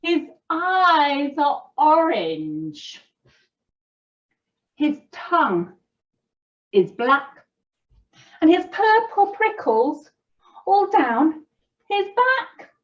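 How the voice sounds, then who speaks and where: A woman voicing a small, clever male mouse, in a bright and plucky manner. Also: high-pitched, big pitch swings, very slow, pauses often, recorded from a distance, lo-fi sound, pitched above the performer's own voice, exaggerated voice.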